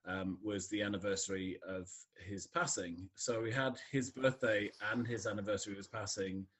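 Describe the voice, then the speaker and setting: A man's voice: lowish voice, fairly even intonation, normal speed, a bit bright. A middle-aged man from Scotland with a neutral English accent, chatting as a podcast guest, laughing often and using many fillers. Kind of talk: casual conversation.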